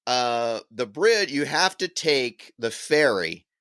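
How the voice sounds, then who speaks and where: A man's voice: mid-range voice, expressive, takes it slowly, fairly bright tone, clean tone, no echo. A man co-hosting a podcast, explaining a point in casual chat. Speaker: podcast co-host.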